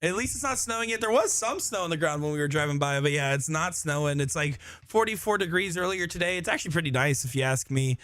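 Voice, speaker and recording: A man's voice: on the high side, animated, quick pace, hardly any pauses, a bit bright. A man commenting live on a darts tournament from a busy hall, chatting and joking about himself. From Florida. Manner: chatty, joking, self-deprecating.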